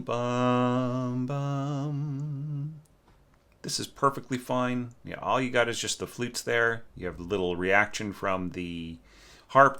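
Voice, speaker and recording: A man with a deep voice and a crisp, forward edge, teaching orchestration from home. He talks in a loose, conversational way, full of fillers, and hums passages to show how they should sound. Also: sharp tone. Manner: candid and conversational, sings passages, many fillers. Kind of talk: casual score critique. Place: home room with a snoring cat.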